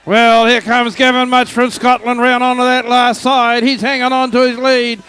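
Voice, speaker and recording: High flat-voiced man calling shearing live. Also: normal speed, clear, resonant tone. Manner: rousing, urges the crowd on. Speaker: shearing commentator. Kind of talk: live sports commentary.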